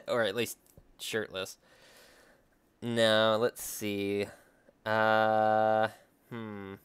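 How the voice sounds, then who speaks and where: Speaking very slowly and pausing often, a young man with a fairly low voice chats while he draws for his vlog. His tone is clean with no echo, and his talk is relaxed, rambling and thought-aloud.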